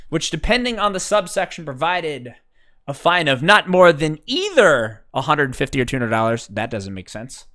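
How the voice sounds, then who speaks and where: Young guy ranting on his vlog, sweary and sarcastic, bright punchy voice. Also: a little high. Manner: profane, sarcastic, exasperated. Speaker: vlogger. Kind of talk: comedic rant.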